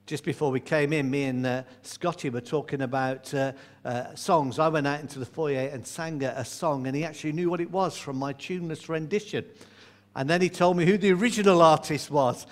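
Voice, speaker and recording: A man's voice: fairly high pitch, fairly quick. A man, a church elder, preaching a sermon in a chatty storytelling way, asking his listeners questions.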